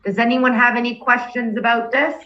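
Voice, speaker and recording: A woman's voice: a little high, steady tone, fairly quick, lo-fi sound. A woman instructor walking a class through steps over a video call, patient and checking in with "okay?" as she goes. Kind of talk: online class walkthrough.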